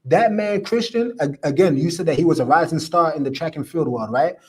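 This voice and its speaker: Male streamer host, slightly high voice, preachy and emphatic, repeats lines for effect. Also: brisk. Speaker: podcast host reading live comments. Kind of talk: opinionated live-stream commentary.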